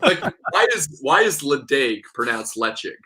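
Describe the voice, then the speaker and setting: A man with a bright, forceful voice tells stories with real enthusiasm. He talks casually, breaks into quick asides and restarts his sentences as he goes. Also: mid-range voice, very animated, poor audio. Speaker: whiskey expert guest. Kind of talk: casual conversational interview.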